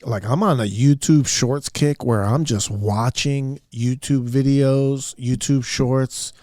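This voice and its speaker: A man's voice: mid-range voice, fairly even intonation, slow pace, a little mellow, no room sound. Candid rambling man, dry close sound. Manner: rambling, candid, self-deprecating, with frequent fillers. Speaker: podcast host. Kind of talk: casual solo podcast monologue. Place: upstairs room at home.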